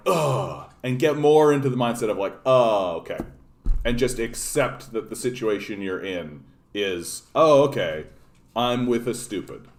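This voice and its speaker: A man from Canada hosting a political livestream, ranting profanely in casual commentary and greeting chat viewers. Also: medium pitch.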